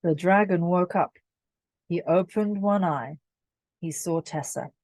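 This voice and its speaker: A woman's voice: on the low side, slow pace, a little mellow, no room sound. Woman reading a children's story. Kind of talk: reading a children's book aloud.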